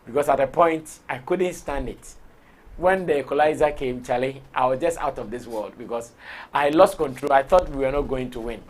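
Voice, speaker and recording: Man, Ghanaian accent, hoarse from shouting, live talk show host, excitable, laughs a lot, middle pitch. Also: moderate pace. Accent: Ghanaian English. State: hoarse, lost his voice.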